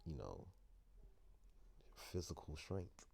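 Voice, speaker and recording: A blunt, laid-back young man speaking to a kid in a low, dark voice, as a man plays him. His lines are short and matter-of-fact. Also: big pitch swings, takes it slowly, vocal fry, slightly rough, heavily acted. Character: gruff young man who takes in a kid.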